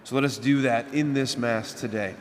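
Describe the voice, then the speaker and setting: A man's voice: medium pitch, fairly even intonation, moderate pace, big-room sound, slight background noise. A man, a priest, preaching a homily in a conversational way, asking the congregation rhetorical questions. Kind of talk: sermon. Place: church.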